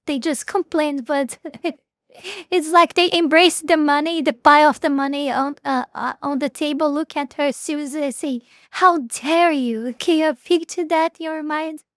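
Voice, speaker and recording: High-voiced hesitant woman commenting. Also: moderate pace, a bit bright, dry recording, clean studio sound. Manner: hesitant, frequent restarts and fillers. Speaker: reaction video host. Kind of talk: casual commentary.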